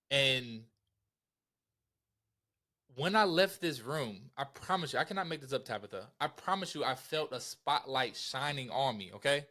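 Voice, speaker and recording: A man guest on a podcast, telling a personal story in a casual, animated way, with slang, laughs and acted-out quotes. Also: medium pitch, normal speed.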